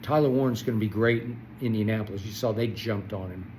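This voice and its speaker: An older man hosting a solo sports commentary, ranting with passion and swinging from loud outbursts to soft muttering. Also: fairly low pitch, fast talker, slight background noise, rough recording. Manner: impassioned, swings between shouting and soft muttering. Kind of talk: solo sports rant to camera.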